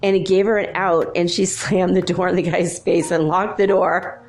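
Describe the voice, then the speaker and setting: A woman hosting a talk show, telling a story casually, chatty and laughing often as she quotes people in lively voices. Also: fairly low pitch, moderate pace, faint music behind. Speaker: podcast host.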